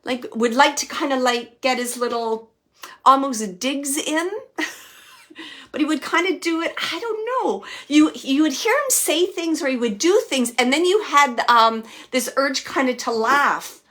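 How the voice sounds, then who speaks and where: A woman's voice: sits high, measured pace. Chatty, laughing woman medium. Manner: chatty, laughs often, relays quoted messages in a lively sing-song way. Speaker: psychic medium host. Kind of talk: live spirit-reading chat.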